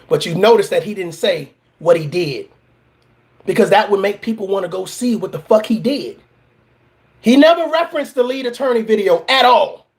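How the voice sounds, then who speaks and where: Brief: high-voiced man, blunt and preachy, ranting in a reaction vlog. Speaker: reaction vlogger and motivational coach. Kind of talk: profane reaction rant.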